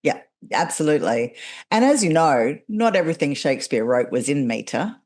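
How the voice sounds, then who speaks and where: A woman from Australia with a low voice hosts a conversational podcast. She speaks emphatically, laughs easily and hands out direct, no-nonsense advice. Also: big pitch swings, moderate pace, a little mellow. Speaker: podcast host.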